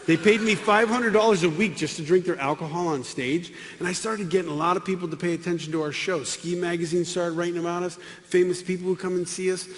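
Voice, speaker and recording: A middle-aged man giving a comic testimony to a live audience, acting out the dialogue with lively voices. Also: high-pitched, fast talker, hardly any pauses. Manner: animated, acts out dialogue with voices. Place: large hall with live audience. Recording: long hall reverb, faint room noise.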